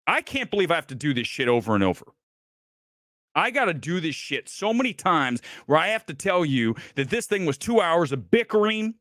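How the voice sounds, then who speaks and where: Male host for a live film rant; sarcastic, foul-mouthed, animated delivery, dry room. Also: a little high, no echo. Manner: angry, profane, sarcastic ranting; mocking put-on accent in quotes. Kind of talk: heated movie rant, live stream.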